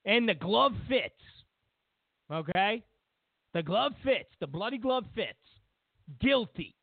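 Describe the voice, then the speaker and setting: This political commentary host speaks slowly in a high-pitched, gravelly, expressive voice. He's on a talk show giving a heated, sarcastic opinion piece and imitating others in mocking put-on voices. The audio has a dry, phone-like lo-fi quality with no echo.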